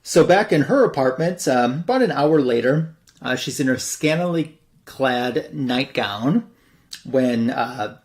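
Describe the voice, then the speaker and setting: A man's voice: mid-range voice, expressive, a little slow. A man hosting a comic book show, casually retelling a story in a loose, rambling way full of fillers. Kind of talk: casual plot recap.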